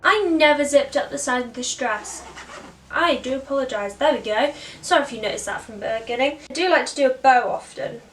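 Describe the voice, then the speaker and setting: A woman's voice: high-pitched, fairly quick, roomy sound, far from the mic, slight background noise. Chatty British woman explaining step by step. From Britain. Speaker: costume character performer. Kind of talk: tutorial narration.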